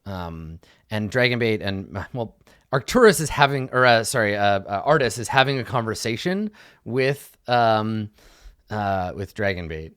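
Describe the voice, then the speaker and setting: Low-voiced man running a tabletop game. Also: animated, measured pace, fairly bright tone, clear, resonant tone, dry recording, clean studio sound. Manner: casual, loose narration full of fillers. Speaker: dungeon master.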